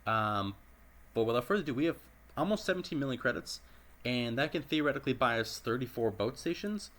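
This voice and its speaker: A man with a raspy voice giving casual commentary over a dispatch game, clearing his throat often as he methodically works through each call. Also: mid-range voice, lively intonation, a little fast, a bit bright. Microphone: personal desk microphone.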